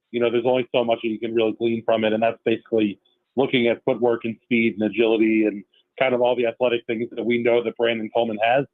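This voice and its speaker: A man's voice: mid-range voice, no room sound. A man reporting on a football team in a radio phone-in, talking steadily with many fillers. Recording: tinny phone line.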